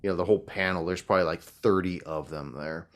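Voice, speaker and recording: Very low male game master, relaxed, loose narration with fillers. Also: fast talker. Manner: laid-back descriptive narration with casual fillers. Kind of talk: narrating a tabletop horror game.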